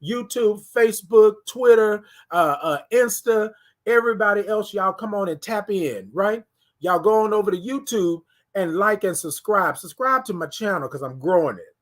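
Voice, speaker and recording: Animated man hosting a live stream. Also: sits high, moderate pace. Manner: animated, talks to viewers and reads comments aloud. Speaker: livestream host. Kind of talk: casual livestream chat.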